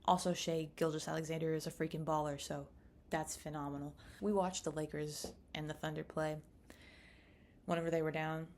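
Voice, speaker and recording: A young woman from the United States chatting casually to camera in a rambling, animated way. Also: low voice, moderate pace, a little hiss or hum. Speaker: vlogger.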